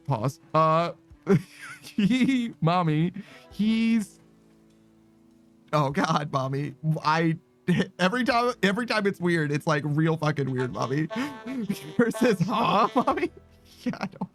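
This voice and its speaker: Streamer, male, higher register, loose and self-mocking, laughs and curses easily. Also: creaky. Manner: keeps tacking a running joke word onto sentences, laughs and swears often; flustered, rambling shout-outs to chat. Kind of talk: casual live-stream chat.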